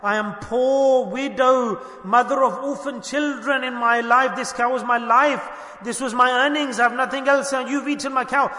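A woman's voice: sits high, steady tone, normal speed, hardly any pauses, sharp tone, voice pushed up. A man preacher voicing a poor, grieving widowed mother who angrily accuses a king, in a raised, urgent, scolding tone. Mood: grieving plea. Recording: echoey hall.

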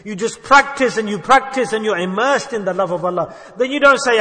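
A man delivers an earnest sermon and keeps putting questions to his listeners. His voice sits high and sounds bright and forceful. The hall around him rings with a long echo. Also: animated, fairly quick, few pauses. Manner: earnest, rhetorical questions to the audience. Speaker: Islamic preacher.

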